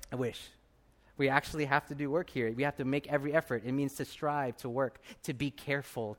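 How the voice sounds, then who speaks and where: A pastor in his thirties preaches a sermon, telling a personal story with animated delivery and acting out voices. His voice sits a little high.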